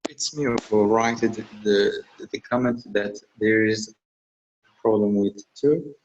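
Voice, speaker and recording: Low-voiced man student, hesitant. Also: takes it slowly, lo-fi sound, slight background noise. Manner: hesitant, restarting phrases.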